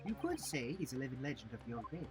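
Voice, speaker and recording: Man putting on a brash accused man, lilting put-on accent, loud, animated, game music behind. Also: medium pitch, rapid-fire, voice pushed down, lightly acted. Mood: bossy. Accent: put-on Irish-Scottish lilt. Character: brash Irish-sounding man on trial, pushy. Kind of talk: reading game dialogue aloud.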